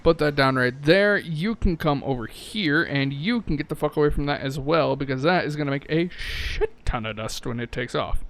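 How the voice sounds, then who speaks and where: A man's voice: a little high, animated, moderate pace, hardly any pauses, fairly bright tone, a little hiss or hum. A man giving casual gameplay commentary, thinking aloud and correcting himself, with frequent swearing. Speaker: let's-play gamer.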